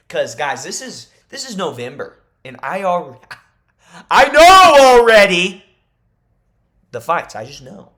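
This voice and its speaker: A man in his casual fight-prediction vlog speaks in an ordinary mid-range voice. He rambles with a fan's excitement. He also keeps up a tongue-in-cheek act that his invented inside news is genuine. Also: mid-range voice, a little hiss or hum. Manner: jokingly insists his made-up leaks are real. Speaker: MMA YouTuber.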